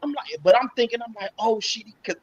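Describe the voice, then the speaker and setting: A man's voice: extremely high pitch, fairly even intonation, fast, highs cut off. A man recounting a boxing match in casual chat, acting out his own reactions as he tells it. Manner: storytelling, acts out reactions.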